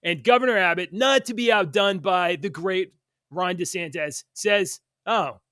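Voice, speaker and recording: A man's voice: high-pitched, moderate pace, pushed and bright, smooth, no echo, studio quality. A man co-hosting a casual morning talk show, reading news aloud and joking about it with a ready laugh. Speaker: co-host.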